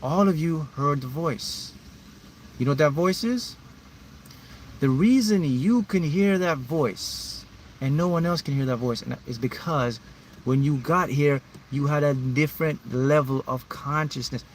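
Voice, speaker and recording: A man's voice: a little high, unhurried, a little hiss or hum. A man as a manifesting mentor, speaking emphatically and repetitively to his viewers in a live motivational talk. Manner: reads out viewers' names.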